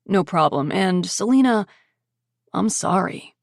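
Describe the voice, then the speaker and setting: A woman's voice: fairly low pitch, animated, unhurried, creaky, no echo, studio quality. Woman doing a smug, sleazy male sports reporter. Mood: cocky. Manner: cocky, dismissive.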